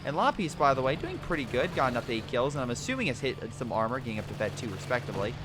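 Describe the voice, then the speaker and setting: A man commentating a strategy game replay, excitable, laughing and giving units joking voices. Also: medium pitch, rapid-fire. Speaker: game caster. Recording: game noise behind the voice. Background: artillery and gunfire game sounds.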